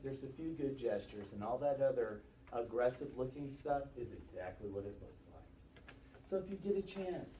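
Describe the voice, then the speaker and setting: A man's voice: mid-range voice, slight background noise. A man teaching a class about presentation gestures, quizzing his students as he goes. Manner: lively, quizzing students with quick questions. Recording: roomy classroom sound from a distant mic, faint ambience.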